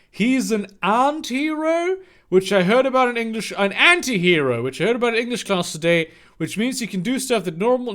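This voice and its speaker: A man's voice: high voice, fairly bright tone. Sarcastic man doing a comedic reading. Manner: sarcastic, incredulous asides. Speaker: channel host reading a story aloud. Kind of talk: comedic dramatic reading with commentary.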